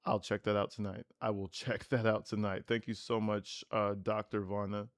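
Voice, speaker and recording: A man's voice: on the low side, little pitch movement, normal speed. A man hosting a livestream, commenting in a blunt, sarcastic way with lots of swearing.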